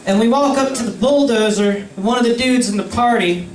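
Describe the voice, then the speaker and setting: Speaking briskly in an extremely high pitch, a young man tells his friends a profane, wandering anecdote in a casual indoor chat. The recording is roomy and distant, with faint ambience.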